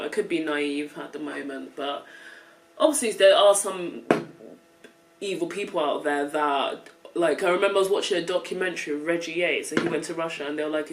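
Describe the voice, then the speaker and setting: A woman's voice: on the low side, recorded from a distance, poor audio. A young woman with an English accent, chatting casually to camera for her vlog, loose and full of fillers, laughing often. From England. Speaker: vlogger. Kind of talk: casual chat while eating.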